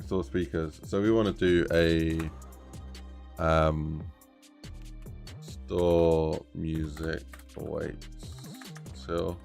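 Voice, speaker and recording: Male streamer, low and gravelly, rambling as he works, soft music behind. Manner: rambling, thinks aloud, talks to chat. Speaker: streamer making a game map. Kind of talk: casual live-stream chat while working.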